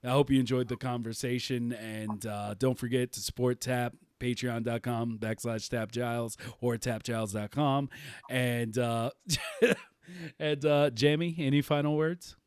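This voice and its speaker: A man's voice: mid-range voice, fairly even intonation, a little slow, a little mellow, clear, resonant tone, no room sound. Laughing man host, dry sound. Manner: laughs often, rambling. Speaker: podcast host. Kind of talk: casual podcast chat.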